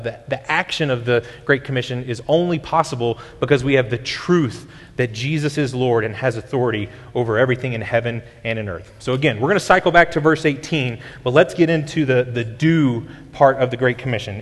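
A man's voice: mid-range voice, fairly quick, few pauses. A male pastor, preaching a sermon in a conversational teaching way, often restarting his sentences. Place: church sanctuary. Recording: long hall reverb.

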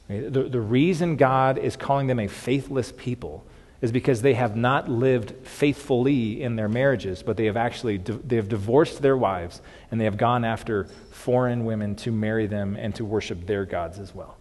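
A man's voice: mid-range voice, normal speed, darkish tone. A man preaching a sermon in an earnest way, often restarting his sentences and saying "okay.". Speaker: pastor. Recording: long reverb from a hall.

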